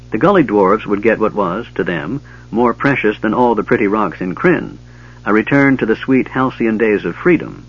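Husky-voiced man narrating a fantasy audiobook. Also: on the low side, muffled recording.

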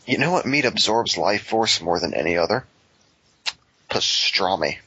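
A man's voice: low voice, expressive, normal speed, pushed and bright, breathy edge, dry recording, muffled recording. A man joking his way through a movie commentary with absurd riffs. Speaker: commentary co-host.

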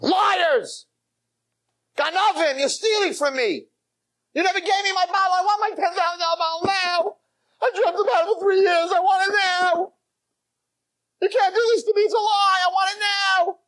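A man voicing a drunk young man who wails and accuses, in a high, tearful shout. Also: animated, fast. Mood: drunk outrage.

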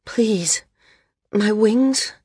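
A woman voicing an injured woman flyer who speaks weakly and urgently, with a husky voice. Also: mid-range voice, steady tone, a little slow, no room sound, clean studio sound. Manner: weak, breathy and urgent.

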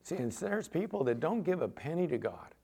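A man's voice: on the high side, sing-song, a little fast, mellow, husky. A man preaching as pastor, reading scripture aloud with rising emphasis and acting out little voices. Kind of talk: sermon.

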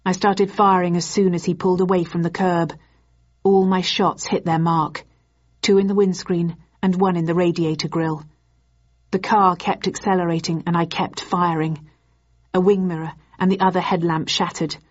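A woman reading a first-person novel aloud in a measured, even storytelling manner. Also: on the low side, dull audio. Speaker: audiobook narrator.

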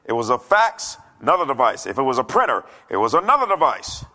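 A middle-aged pastor preaches from a church stage. His voice is gravelly, and his pitch rises and falls a great deal. He talks casually and jokes, acting out the voices of the people he quotes. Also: sing-song, quick pace, pushed and bright. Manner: conversational, joking, acts out quoted voices. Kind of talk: sermon.

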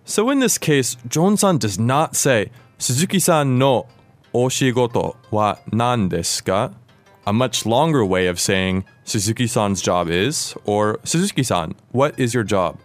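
This American host of a language course, a native English speaker, walks through Japanese grammar with patient, clear teaching. He speaks a little slowly at a medium pitch with lively intonation, and faint music plays behind him.

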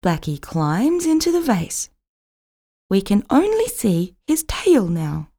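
A woman reading a children's story aloud slowly and clearly, as a storyteller. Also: medium pitch, very animated, warm tone.

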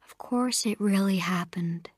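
A woman's voice: medium pitch, measured pace, no echo, studio quality, lightly acted. A woman reading as a sober, composed young woman. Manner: sober, even-toned.

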